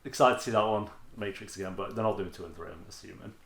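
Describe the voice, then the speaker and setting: Guy, low voice, chill and sweary, echoey room. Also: fast, gravelly, fairly bright tone. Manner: laid-back, swears and laughs a lot. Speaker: podcast co-host. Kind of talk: casual chat.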